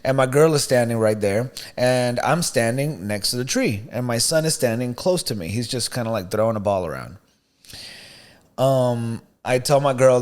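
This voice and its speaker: A man co-hosting a podcast, telling a story in a casual, animated, slangy way. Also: medium pitch, normal speed. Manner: animated, slangy, "you know what I mean", "bro". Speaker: podcast co-host.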